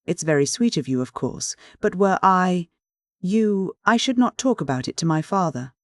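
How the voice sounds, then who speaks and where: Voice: medium pitch, animated, moderate pace, no echo, studio quality, voice pushed up, lightly acted. A reader voicing a cool, blunt young woman. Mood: reserved. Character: cool, frank young woman, engaged to be married. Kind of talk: audiobook dialogue reading.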